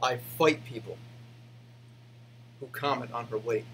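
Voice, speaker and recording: A man's voice: mid-range voice, measured pace, fairly bright tone, a little hiss or hum. A man casually chatting to fans, rambling with many restarts and fillers, then ranting defensively. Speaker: YouTube host answering fan questions. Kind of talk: casual behind-the-scenes chat.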